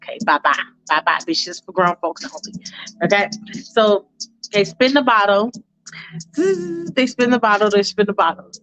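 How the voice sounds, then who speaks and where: A woman's voice: medium pitch, animated, normal speed, a bit bright, poor audio. A woman casually freestyling a story and chatting straight to her listeners.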